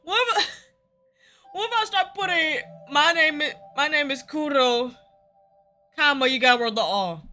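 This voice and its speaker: A woman's voice: sits high, animated, a little slow, pauses often, pushed and bright, soft background music. A young woman playing a visual novel with commentary, playful and teasing, laughing often and throwing in slangy asides. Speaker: gaming content creator.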